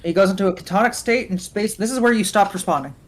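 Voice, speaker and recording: Mid-range voice, deadpan, offhand, casual storytelling, stream guest. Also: mid-range voice, fast talker, rough recording. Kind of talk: casual lore recap.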